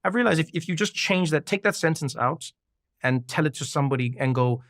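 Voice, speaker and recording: A man talking casually on a podcast, an animated storyteller who acts out the people he quotes. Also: fairly high pitch, fairly quick, dry recording, studio quality. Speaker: podcast guest. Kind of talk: casual conversation.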